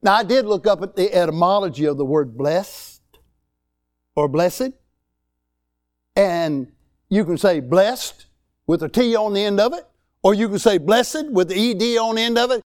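A man's voice: high-pitched, moderate pace, long pauses. Folksy preacher man in his sixties. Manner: folksy, emphatic preaching with rising exclamations. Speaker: pastor. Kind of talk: sermon.

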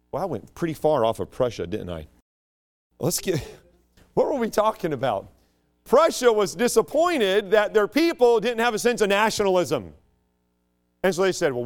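A man from the United States giving a rambling, digressive talk to a group, in an animated voice. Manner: animated and digressive, with sudden jumps up and down in pitch. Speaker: speaker addressing a group.

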